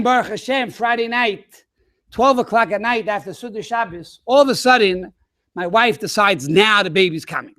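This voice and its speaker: A man, a rabbi, telling an animated story to schoolchildren over a webinar. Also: high-pitched, no echo, clean studio sound. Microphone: webinar microphone.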